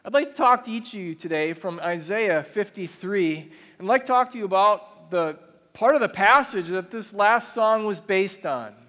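A man with a rather high voice delivers an earnest sermon, slowing into weighty, drawn-out phrases for emphasis. His words ring out with a long reverb, as in a large church auditorium. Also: lively intonation, a bit bright. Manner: earnest, builds to emphatic slow declarations. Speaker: pastor.

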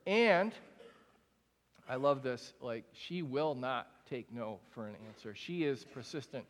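A man's voice: medium pitch, animated, measured pace. A young man preaching a sermon to a congregation in a large room, speaking in a candid, conversational way with frequent casual fillers. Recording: long hall reverb.

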